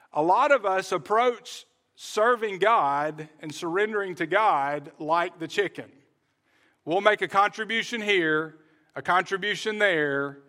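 A man's voice: high voice, pushed and bright. A man preaching a sermon, earnest, repeating key phrases and restarting now and then. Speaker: pastor.

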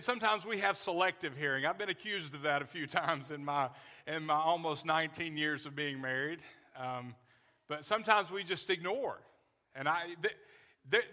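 Bright-voiced pastor preaching in a reverberant hall. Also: male voice, a little high. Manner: earnest, folksy, jokes with congregation. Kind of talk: sermon.

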